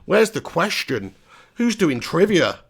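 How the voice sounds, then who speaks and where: Gravelly man hosting a football watch-along. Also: a little high, takes it slowly. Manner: chatty, bursts into excited play-by-play. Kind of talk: live commentary and chat reading.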